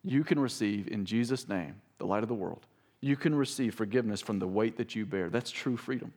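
A man's voice: a little fast, darkish tone. Man preaching a sermon. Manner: preaching, rises in pitch and volume when reading scripture aloud; talks straight to the congregation with asides like "listen". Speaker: pastor.

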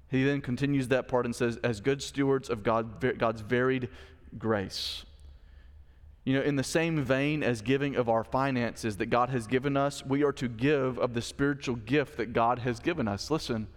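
A man's voice: medium pitch, long reverb tail. A male pastor preaching a sermon in a conversational style, with asides to the congregation. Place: church sanctuary.

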